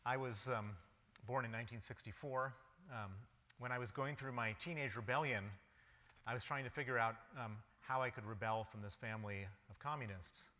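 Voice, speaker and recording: A man's voice: mid-range voice, fairly even intonation, normal speed, pushed and bright. A man in his fifties with an American accent, telling his story in a public lecture with a wry tone and many ums. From United States. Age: 50s. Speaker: guest lecturer. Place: lecture hall. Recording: reverberant lecture hall.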